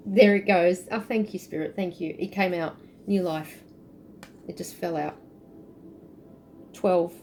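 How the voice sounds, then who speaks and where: Chatty low-voiced woman reading tarot. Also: noisy background. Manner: chatty, intuitive, many fillers and trailing phrases. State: tired. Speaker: tarot reader. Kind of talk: casual spiritual tarot reading.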